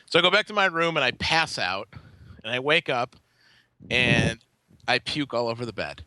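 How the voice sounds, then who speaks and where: A man's voice: medium pitch, expressive, normal speed, pauses often, sharp tone, slight background noise. A man co-hosting a podcast, telling a long, rambling anecdote in casual, profane chat. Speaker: podcast co-host. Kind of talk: casual storytelling.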